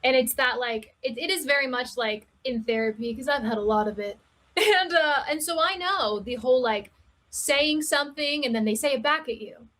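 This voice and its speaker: A woman talking candidly as a podcast guest, telling stories with laughs and quick asides. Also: high voice. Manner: candid, laughing, animated storytelling. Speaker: guest, cam performer. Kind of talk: casual podcast chat.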